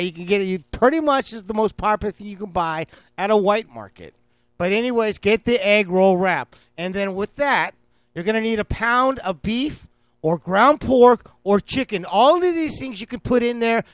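A man hosting a comic cooking show, loud and rambling as he jokes through a recipe. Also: sits high, smooth, no echo.

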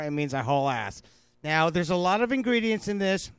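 A man hosting a radio cooking show, talking fast and rambling with a self-mocking tone. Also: high-pitched, expressive, fairly bright tone, smooth, no echo. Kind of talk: fast casual radio chat.

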